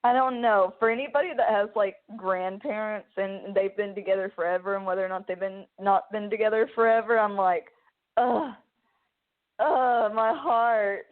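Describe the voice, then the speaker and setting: A woman's voice: mid-range voice, fairly even intonation, fairly quick, few pauses. A young woman hosting a podcast, rambling through a story with many restarts and getting emotional as she talks. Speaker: podcast host. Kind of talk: casual chat. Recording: phone-like narrow band.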